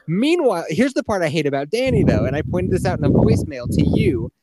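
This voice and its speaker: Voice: mid-range voice, wildly swooping pitch, quick pace, background noise. A podcast co-host in casual chat, talking bluntly with lots of swearing and mockery. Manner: blunt, profane, mocking.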